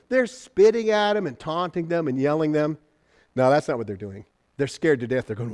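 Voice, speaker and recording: Animated preacher man with a lively voice. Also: brisk. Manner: animated, acts out voices of people in the story; swings between loud exclaiming and quiet, low, intimate asides. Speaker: pastor. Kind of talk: sermon.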